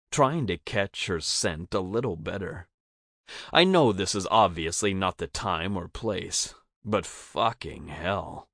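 A man reads a first-person audiobook in a steady, even storytelling manner. His voice sits very low and his pace is unhurried. The recording is dry and close on the mic. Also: gravelly, dry recording.

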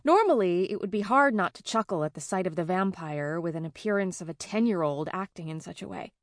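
A woman narrating a first-person fantasy audiobook in an even, conversational way. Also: mid-range voice, no room sound, studio quality.

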